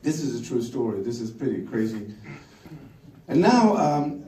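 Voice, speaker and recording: A middle-aged man from Sweden with a Swedish accent, telling a story on stage in an animated way, laughing and acting out the quotes. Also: medium pitch, moderate pace, roomy sound, distant mic, slight background noise, rough recording. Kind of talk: storytelling talk.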